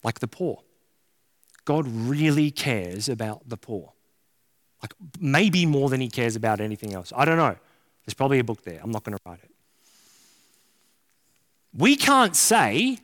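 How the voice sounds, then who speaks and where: A man's voice: mid-range voice, very animated, unhurried, pauses often, fairly bright tone. A man preaching a sermon as a pastor, casual and joking, full of slang. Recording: long hall reverb.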